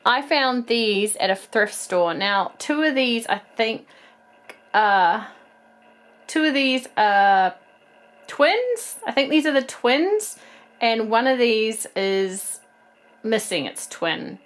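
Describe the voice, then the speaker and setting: Speaking slowly in a slightly high, expressive voice, a woman in her thirties with a Kiwi accent hosts a toy collector vlog. It's a casual haul chat: she displays her toy finds in a chatty, meandering manner full of ums.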